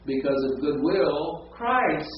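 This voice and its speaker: A man's voice: a little high, lively intonation, takes it slowly, very echoey, distant mic. Male professor, classroom lecture, muffled lo-fi recording, faint hiss. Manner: explanatory, checks in with frequent "right?" and "okay?". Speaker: seminary professor.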